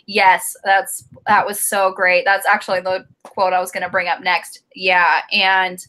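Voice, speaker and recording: A woman's voice: mid-range voice, flat delivery, normal speed, hardly any pauses, bright, forceful tone. A woman co-hosting a casual romance book discussion, gushing and laughing often. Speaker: book club co-host.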